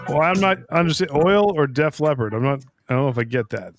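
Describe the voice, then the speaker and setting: Laughing high-voiced man joking over music. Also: animated, fast. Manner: jokey, laughs often, stumbles over words. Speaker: co-host. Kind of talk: casual chat on a music stream. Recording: music playing clearly behind.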